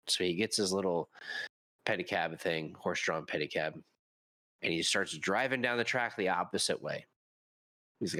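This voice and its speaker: A man co-hosting a casual gaming podcast, telling anecdotes with lively delivery and quoting people as he goes. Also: deep voice, normal speed, long pauses, no echo. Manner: animated storyteller, mimics people in his anecdotes. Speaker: podcast co-host.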